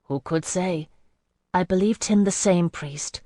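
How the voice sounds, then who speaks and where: A woman reads a fantasy audiobook in the first person, measured and even. Her voice is low for a woman. The recording is close and completely dry. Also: dry recording. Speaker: audiobook narrator.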